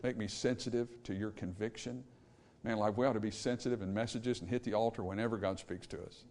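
Brief: male pastor, fiery sermon delivery that drops to hushed pleading. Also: lowish voice, fairly even intonation, a little fast. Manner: fiery, swinging from loud emphasis to hushed pleading. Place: church sanctuary.

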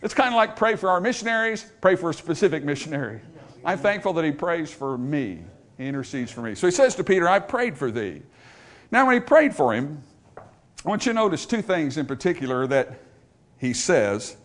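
A man preaching a sermon to a congregation, dropping to a hush for scripture and rising to loud emphasis. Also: fairly high pitch, big pitch swings. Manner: swings from hushed, drawn-out scripture quotes to loud, emphatic preaching. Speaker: pastor. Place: church in front of a congregation.

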